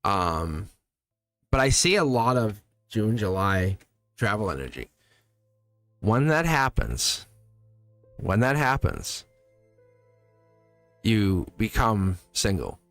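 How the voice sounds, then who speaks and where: Animated, chatty male tarot reader. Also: on the low side, takes it slowly, pauses often, dry recording, faint music behind. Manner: chatty and reassuring, laughs often, acts out quoted lines. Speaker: tarot reader hosting a live stream. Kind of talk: live tarot reading addressed to a viewer.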